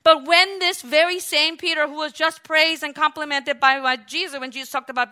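A woman preaching a sermon in an animated way, acting out quotes and swinging between loud exclamations and quiet asides. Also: sits high, brisk, few pauses.

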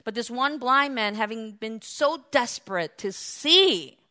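A woman's voice: fairly high pitch, expressive, unhurried. A woman preaching a sermon, with conversational asides full of fillers, swelling into impassioned cries as she acts out scripture. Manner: impassioned, rising to loud cries when acting out scripture.

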